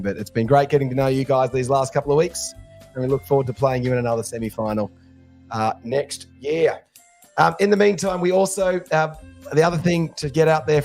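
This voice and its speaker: An Australian man hosting a fan podcast, hoarse after losing his voice, chatting in an excited, rambling way. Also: medium pitch. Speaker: podcast host. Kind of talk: casual podcast chat.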